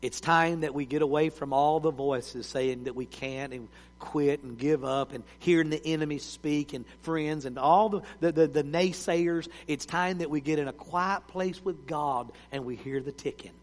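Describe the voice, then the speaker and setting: A male preacher, telling stories in a sermon and swinging between loud cries and hushed words. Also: on the high side, normal speed, hardly any pauses. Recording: long hall reverb.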